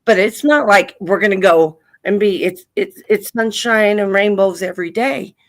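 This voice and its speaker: A woman's voice: medium pitch, normal speed. A woman hosting a live stream, earnestly consoling a grieving caller and calling her honey and sweetheart. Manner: tender, earnest, calls people honey and sweetheart. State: widowed, grieving. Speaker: livestream host.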